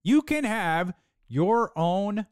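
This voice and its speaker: A podcast host giving an opinionated sports talk monologue, sarcastic, with mocking put-on quotes and dramatic pauses. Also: medium pitch, animated, smooth, dry recording, studio quality.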